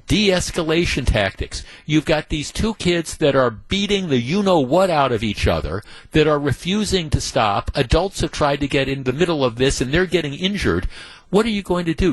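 A man's voice: fairly high pitch, lively intonation, normal speed, husky, dry recording, poor audio. A man hosting a talk radio show, delivering indignant, emphatic commentary full of rhetorical questions into a studio microphone.

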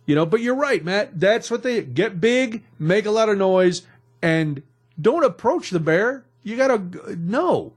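A man's voice: sits high, lively intonation, measured pace. A man hosting a radio talk show, recapping odd news stories in a jokey, rambling way from a studio.

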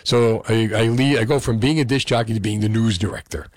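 Chatty New Jersey radio host, deep voice. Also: male voice, a little fast, a little mellow, dry recording. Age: middle-aged. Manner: storytelling, chatty with many fillers. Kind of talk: casual radio talk.

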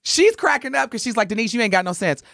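A woman's voice: on the high side, fast talker, vocal fry, dry recording. A woman co-hosts a morning radio show, spinning a story with a voice that swings widely up and down. She slips into the voices of the people she describes. The studio sound is dry and close. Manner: animated, acts out voices while telling a story.

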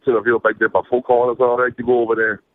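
A man's voice: medium pitch, little pitch movement, very fast. Man, south Louisiana accent, caller, rambling and folksy, tinny phone line.

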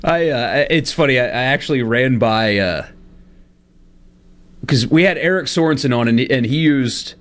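A man's voice: mid-range voice, animated, moderate pace, a bit bright. A man in his thirties co-hosting a radio show, chatting casually and laughing at himself. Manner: chatty, self-deprecating, laughs often.

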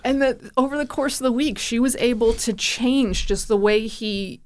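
A woman guest on a radio talk show, telling a personal story in a casual, animated way and acting out the dialogue. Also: on the high side, normal speed. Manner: animated, acts out quoted dialogue. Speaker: guest, parent sharing her son's story.

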